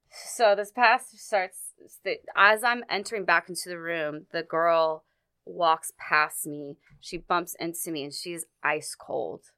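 A woman telling a personal story in casual conversation, halting often, with many fillers and restarts. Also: fairly low pitch, sharp tone, smooth, no echo. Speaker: guest recounting a personal story.

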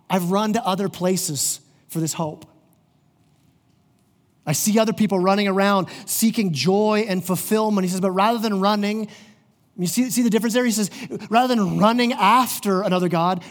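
Pastor guy preaching, fairly high voice, earnest, keeps restarting words, long echo in the church. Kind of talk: sermon. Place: church sanctuary. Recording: long hall reverb.

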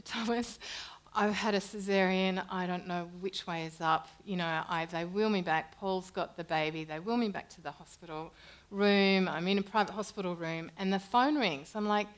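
A woman's voice: on the low side, moderate pace. A middle-aged woman, an interview guest, telling stories in casual chat and laughing often. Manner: animated storyteller who laughs often. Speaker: journalist.

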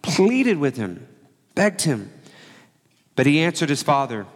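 A man preaching a sermon in a relaxed, conversational way, acting out the quoted lines as he tells the story. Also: fairly high pitch, normal speed, long pauses, long reverb tail. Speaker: pastor.

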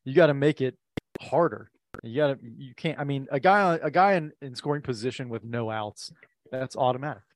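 A man's voice: medium pitch, a little fast, no room sound. A man co-hosting a podcast in a laid-back, casual chat, often laughing and giving short replies. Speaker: podcast co-host.

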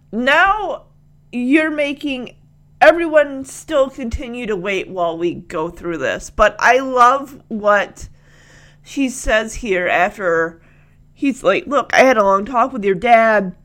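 A woman's voice: a little high, fairly bright tone. A woman vlogger retelling a TV scene in a chatty way, laughing and acting out the characters' lines. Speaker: vlogger reacting to a TV clip. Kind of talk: casual reaction commentary.

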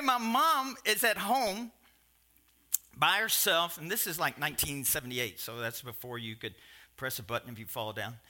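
A man in his sixties preaching a sermon, telling stories in a rambling, animated way with asides and restarts. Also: on the high side. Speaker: pastor. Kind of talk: sermon storytelling.

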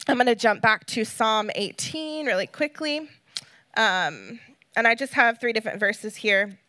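A woman's voice: a little high, lively intonation, unhurried, bright, forceful tone, dry recording. A woman guest speaker giving an earnest, emotional sermon, reading scripture and talking casually with fillers.

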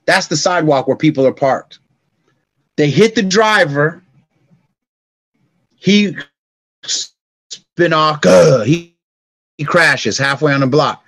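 A middle-aged man, a podcast guest, telling stories in casual conversation and acting out sounds and dialogue with lively energy. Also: a little high, slow, pauses often, no room sound. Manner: animated, acts out sounds and dialogue.

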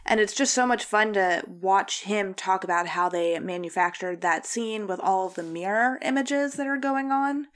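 A woman's voice: medium pitch, moderate pace, few pauses, fairly bright tone. Chatty, enthusiastic young woman. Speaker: podcast co-host. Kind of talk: casual film discussion.

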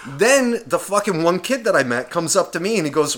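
Bright-voiced man telling a profane story. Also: fairly high pitch, a little fast, few pauses, a little hiss or hum. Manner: profane, animated storyteller acting out dialogue. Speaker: podcast co-host. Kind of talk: casual storytelling chat.

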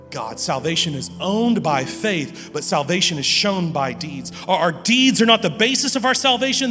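A man's voice: a little high, a bit bright. A man preaching a sermon as pastor, earnest, often repeating words as he presses a point. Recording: long hall reverb with music behind.

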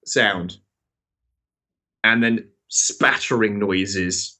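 Man, bright voice, animated storyteller, swears a lot, casual podcast chat. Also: medium pitch, a little slow. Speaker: podcast regular telling a story.

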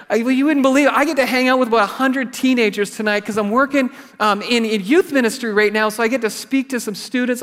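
A man preaching a sermon, telling stories in a lively way and calling out to the congregation. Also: high voice. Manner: lively storytelling, calls out to the congregation. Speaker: pastor. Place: church sanctuary. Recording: church hall with long reverb.

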